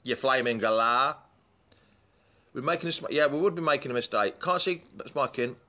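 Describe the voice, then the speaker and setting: A man's voice: fairly high pitch, fast talker, a bit bright. A man hosting a live fan chat show in a chatty, rambling way, breaking off to greet commenters.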